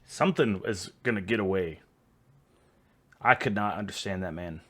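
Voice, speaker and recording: Texan guy host, low-pitched, rambling casual reactions, a bit tipsy. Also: normal speed, fairly bright tone. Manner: rambling, chatty, laughs easily.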